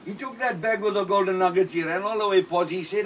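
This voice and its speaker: A man's voice: high voice, steady tone, fast, slight background noise. A man telling a comic story full of quoted dialogue, then singing a funny song. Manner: rambling anecdotal storyteller, asides and quoted dialogue. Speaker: comedian and singer. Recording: distant mic with loud guitar.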